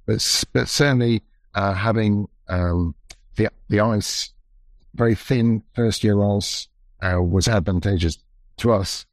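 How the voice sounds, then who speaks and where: A man who led an expedition, recounting events in a measured, reflective, halting way during a conversation. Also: lowish voice, no room sound. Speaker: expedition leader.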